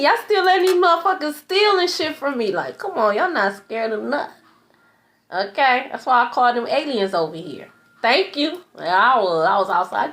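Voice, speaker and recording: Woman tarot reader, casual rant, blunt and profane, high voice that swings all over the place. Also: expressive, unhurried, fairly bright tone. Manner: blunt, profane, repeats herself. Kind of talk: casual ranting monologue.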